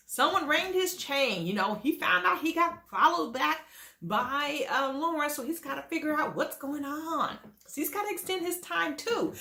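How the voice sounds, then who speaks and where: A woman hosting a reality TV gossip commentary show, talking in a sassy, animated way and leaning hard on her emphasis. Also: high voice, moderate pace, reverberant.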